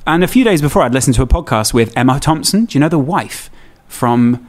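A young man chatting on a podcast, telling a story with lively acted-out quotes. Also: mid-range voice, a little fast. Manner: animated storyteller, acts out quotes. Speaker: podcast guest. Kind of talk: casual chat.

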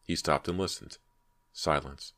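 A man reading a horror audiobook in a steady, measured way. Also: rumbling low. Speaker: audiobook narrator. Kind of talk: scripted horror narration.

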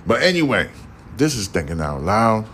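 A man's voice: lowish voice, very animated, normal speed, a bit bright, slight background noise. A man hosting a podcast alone, talking casually in a blunt, profane, preachy way that keeps checking in with listeners. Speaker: podcast host. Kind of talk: casual monologue.

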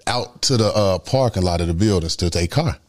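Podcast guest, man from Chicago, low-pitched, rapid and animated storyteller. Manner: animated, acts out voices in his story. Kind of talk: casual storytelling.

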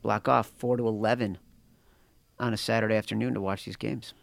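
A man's voice: lowish voice, fairly even intonation, fairly quick, creaky, no room sound. A middle-aged man co-hosting a podcast, chatting casually about sports betting, tired and yawning, cracking jokes. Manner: joking, sings improvised ditties. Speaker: podcast co-host.

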